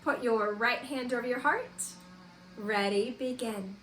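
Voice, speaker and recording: A woman teacher leading a distance-learning morning meeting for young children, in a slow, sing-song, encouraging voice. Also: fairly high pitch, fairly bright tone, faint music behind. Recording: echoey room with faint hiss.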